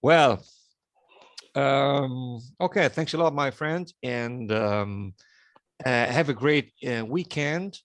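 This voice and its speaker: A man signs off a group video call, chatty and halting, with plenty of fillers and Italian words thrown in. His voice sits at an ordinary pitch for a man. The sound is dry and close. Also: a bit bright, no echo. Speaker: meeting host. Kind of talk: casual goodbyes on a video call.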